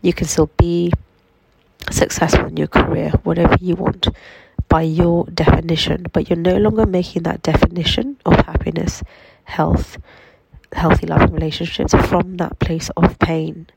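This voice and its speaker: Nasal woman with a cold, gravelly and flat. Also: fairly low pitch, background noise. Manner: slow, reflective, gently affirming. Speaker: healing coach. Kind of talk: spiritual self-help talk. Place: in bed at home.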